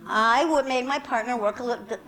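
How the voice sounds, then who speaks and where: A woman's voice: fairly high pitch, moderate pace, fairly bright tone, rough recording. A woman self-defense instructor leading a group class with upbeat, directive instructions and playful asides.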